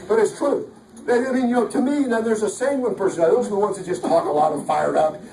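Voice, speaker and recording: A man giving an energetic, joking motivational talk at a live sales event, often acting out voices. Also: sits high, quick pace, vocal fry, a little hiss or hum. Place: large hall. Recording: echoey hall from far off.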